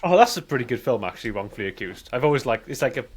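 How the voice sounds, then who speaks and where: Man, podcast co-host, blunt, opinionated, casual film talk, middle pitch. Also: animated, racing, slightly rough. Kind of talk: casual movie review chat.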